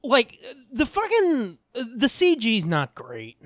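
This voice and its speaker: Extremely high and wildly swooping, the voice of this podcast co-host moves at a slow pace over clean studio sound with no room tone. He chats casually, cursing freely, wandering through stories and laughing a lot.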